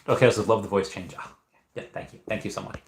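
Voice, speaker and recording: A man's voice: lowish voice, quick pace, a little hiss or hum. A young man hosting a casual livestream Q&A, reading chat and rambling with frequent restarts and repeated words. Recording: echoey room.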